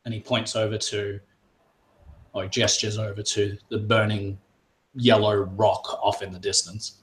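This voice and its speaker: A man narrating a tabletop game as game master, halting, with many fillers and restarts. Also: on the low side, flat delivery, a bit bright, echoey room, rough recording.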